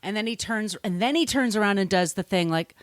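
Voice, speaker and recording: A woman's voice: mid-range voice, brisk, no echo. A woman co-hosting a casual podcast, retelling a plot and slipping into the characters' lines as she goes. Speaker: podcast co-host. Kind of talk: casual chat.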